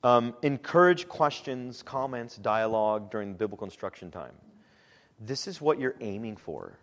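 A man speaking as a pastor, giving a relaxed, conversational church teaching talk with frequent "um"s. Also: medium pitch, moderate pace, long reverb tail. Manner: relaxed and conversational, with frequent "um"s and animated quoted asides.

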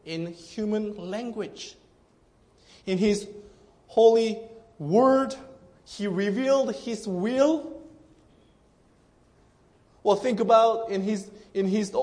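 A male pastor with a notably high voice delivers a sermon to his congregation. He speaks slowly and with earnest emphasis, often breaking off mid-phrase to restart. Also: a little mellow.

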